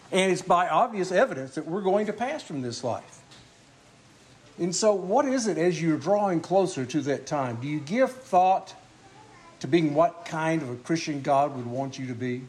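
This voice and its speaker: Animated yet unhurried, this preacher's high, slightly mellow voice carries his sermon as he questions the congregation. Every so often he coughs, and throat-clearing recurs throughout.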